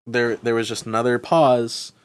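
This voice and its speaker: A man's voice: mid-range voice, level tone, normal speed, clean tone. A man chatting casually on a podcast, chiming in with sarcastic asides. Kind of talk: casual chat.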